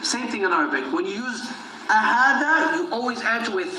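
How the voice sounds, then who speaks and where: High male teacher voice, slow and patient drilling, recorded in a reverberant room over a loud crowd. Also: sing-song. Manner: slow, drilling, asks "is that clear?". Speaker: Arabic teacher. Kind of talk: patient classroom-style explanation.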